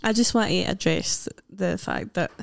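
A young Scottish woman co-hosting a casual podcast chat, giggly and chatty, with quick asides. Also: medium pitch, vocal fry, dry recording, studio quality. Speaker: podcast co-host.

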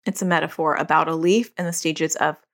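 A woman's voice: sits low, fairly even intonation, fairly quick, creaky, a bit bright. A middle-aged woman hosting a solo parenting podcast, talking candidly and conversationally and laughing at herself now and then. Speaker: podcast host.

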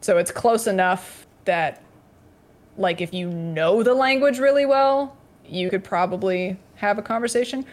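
A woman chatting casually on a podcast, talking in a rambling, halting way with many fillers and restarts. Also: mid-range voice. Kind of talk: casual chat.

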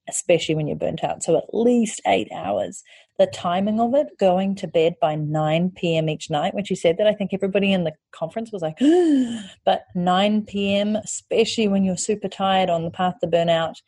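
Low, husky-voiced woman host. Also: dark tone, no echo. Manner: candid and chatty, swears casually. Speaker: podcast host and online course creator. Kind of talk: casual podcast monologue.

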